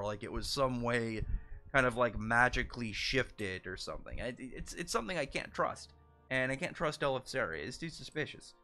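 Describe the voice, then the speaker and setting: A man's voice: mid-range voice, pushed and bright. A young man reviewing a manga chapter in casual solo commentary, rambling with frequent restarts and lots of filler words.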